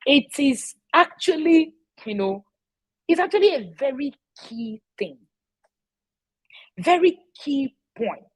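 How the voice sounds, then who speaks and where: A woman's voice: high voice, very animated, slow pace, pauses often, rough recording. A middle-aged woman, speaking casually to parents. She is emphatic, repeats key phrases and often checks in with "all right?". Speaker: parenting educator.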